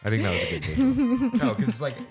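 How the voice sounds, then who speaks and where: A man's voice: medium pitch, wildly swooping pitch, quick pace, darkish tone, faint music behind. A man co-hosting a casual podcast, reading news headlines and joking with wry disbelief. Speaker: podcast co-host.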